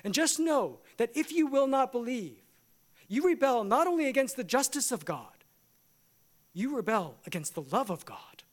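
High-pitched guy preaching in church, punchy, up and down. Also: sing-song, normal speed. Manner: emphatic preaching, rising and falling. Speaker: pastor. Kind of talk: sermon.

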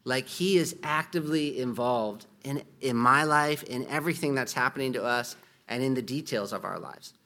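A man's voice: mid-range voice, normal speed, sharp tone. A man preaching a sermon in an earnest, conversational way, asking the listeners rhetorical questions. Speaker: pastor.

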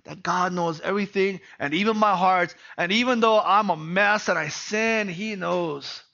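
A man delivers a sermon in a high, bright voice. He peppers his points with rhetorical questions and tag questions, dropping to a hush and then rising to loud emphasis. The recording sounds dull and lo-fi. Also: moderate pace, vocal fry. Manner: swings from hushed to loud emphasis. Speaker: preacher. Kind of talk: sermon on a Bible passage.

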